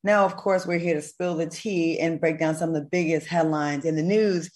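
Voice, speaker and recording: Low-voiced woman host, chatty and lively, casual talk show vibe. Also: moderate pace. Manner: lively, chatty, laughs easily. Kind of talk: casual chat.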